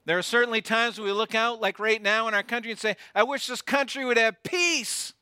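A man preaching a sermon, swinging from loud declarations down to near whispers and putting rhetorical questions to his congregation. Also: very high-pitched, fairly quick, clean tone, no room sound, studio quality. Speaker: pastor.

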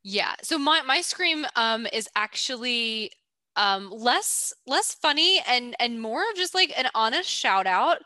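A woman co-hosting a casual podcast, upbeat and quick to laugh. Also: a little high, expressive, sharp tone, no echo. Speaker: podcast co-host. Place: DC area.

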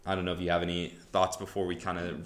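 A man with a low voice walks through a Bible story in easy conversational teaching. He pauses on fillers and keeps asking "right?" as he explains. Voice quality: relaxed, conversational, lots of "right?" and "um". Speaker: podcast host teaching the Bible. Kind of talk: casual teaching talk.

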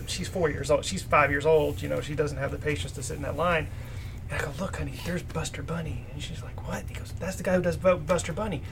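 Man, gravelly voice, a bit high, earnest casual storyteller. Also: fairly bright tone, slight background noise. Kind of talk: casual chat, personal anecdote.

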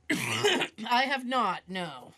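Woman, podcast co-host, animated storyteller, very lively pitch. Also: extremely slow, no room sound. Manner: animated, acts out quotes in voices. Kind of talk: casual chat.

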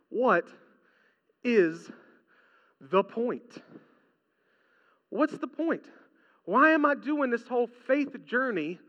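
A man preaching a sermon as pastor, animated and repetitive, often asking the congregation questions. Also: extremely high pitch. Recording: dull sound with long hall reverb.

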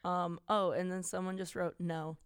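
A woman's voice: lowish voice, a little slow, creaky, smooth, no room sound, clean studio sound. A young woman from Wisconsin, co-hosting a podcast in a chatty, giggly, self-mocking way. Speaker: podcast co-host. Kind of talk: casual chat.

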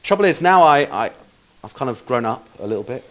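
A man's voice: mid-range voice, lively intonation, brisk. A man preaching a sermon in a conversational, self-deprecating way, with asides to the congregation.

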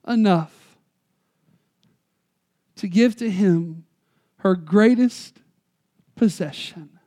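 A preacher telling a story in a sermon, folksy and conversational, swinging from loud emphasis to quiet, slow stresses on key words. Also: medium pitch, lively intonation.

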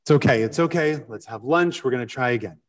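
A man's voice: mid-range voice, quick pace, far from the mic, voice pushed down, close to an everyday voice. A man voicing a wealthy nobleman who is gracious, patient and soothing. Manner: soothing, hospitable.

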